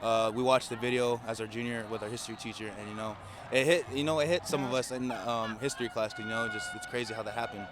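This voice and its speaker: A teenage boy who plays high school football, talking hesitantly in a post-game interview outdoors. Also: background noise. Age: teens. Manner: quick, flat, hesitant with fillers.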